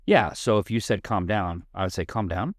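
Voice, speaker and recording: A man's voice: sits low, brisk, dry recording, studio quality. A man co-hosting a family counseling talk show, explaining communication tools with everyday examples in a thoughtful, conversational way. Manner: reflective, explains with examples, thinks aloud. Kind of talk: conversational podcast discussion.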